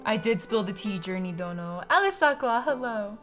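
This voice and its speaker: A woman's voice: medium pitch, lively intonation, moderate pace, fairly bright tone, soft background music. A young woman live-streaming from her desk at home, chatting casually with her viewers. She swears a lot and laughs often.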